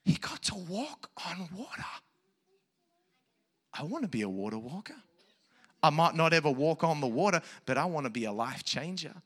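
A man's voice: on the high side, sing-song, moderate pace, long pauses, a bit bright. A man leading a children's church service, speaking with playful, enthusiastic energy from a church stage. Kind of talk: energetic church talk to kids.

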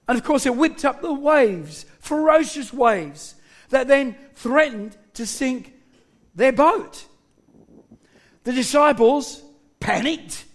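A middle-aged man preaching a sermon to his congregation, joking with them and shouting key points for emphasis. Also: very high voice. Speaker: pastor.

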